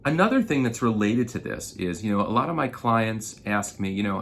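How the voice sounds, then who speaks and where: A man's voice: on the low side, moderate pace, few pauses, slight background noise. A man talking casually and with frustration to roofing contractors, telling a story and venting as a marketing consultant. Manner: animated, frustrated storytelling with profanity. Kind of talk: casual vlog rant.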